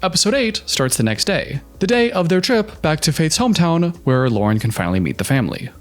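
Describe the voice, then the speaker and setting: A man's voice: a little high, sing-song, fairly quick, faint music behind. A man giving sarcastic, incredulous reaction commentary on a reality show, breaking down what he sees. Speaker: YouTube commentator.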